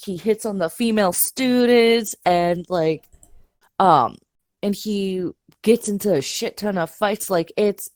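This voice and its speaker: A woman in a casual podcast chat who speaks haltingly, searching for words and laughing easily. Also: mid-range voice, darkish tone, no room sound, studio quality.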